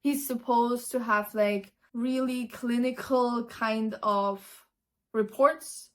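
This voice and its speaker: A woman chats animatedly as she sums up a book for her vlog. Her voice sits slightly high, and her casual, filler-laden talk keeps bubbling along. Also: slow. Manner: chatty, animated, many fillers. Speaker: book vlogger.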